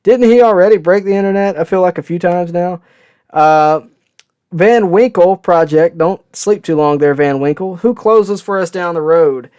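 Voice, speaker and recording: A man's voice: high-pitched, moderate pace, a little mellow, smooth. A man hosting a live sports show, chatting casually with viewers and telling stories with lots of "uh" and "okay?". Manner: casual, rambling storyteller with frequent "uh" and "okay?". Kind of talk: live-stream chat answering viewer questions.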